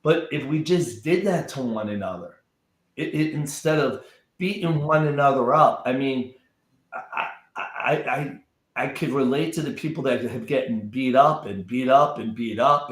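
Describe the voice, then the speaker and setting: A man's voice: medium pitch, reverberant. A man talking as a guest in a casual chat, emphatic and often repeating words as he builds up a point.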